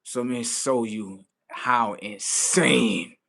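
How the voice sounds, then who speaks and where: A man ranting on a live stream in a slangy, swearing, animated way. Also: mid-range voice, slow, gravelly. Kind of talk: profane live-stream rant.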